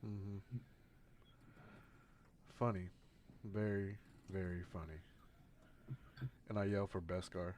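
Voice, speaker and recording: Low-voiced, sarcastic male player. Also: flat delivery, slow pace, pauses often, a little mellow, slight background noise. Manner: dry, sarcastic. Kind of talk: casual tabletop play.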